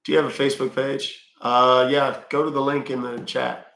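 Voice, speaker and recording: A man talks casually with his viewers in a gravelly, fry-edged voice, answering their questions with easy fillers. His voice echoes around the room he is in, and he sits at a middle pitch for a man. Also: flat delivery, normal speed, hardly any pauses, a bit bright. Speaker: livestream host reading chat. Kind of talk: casual chat.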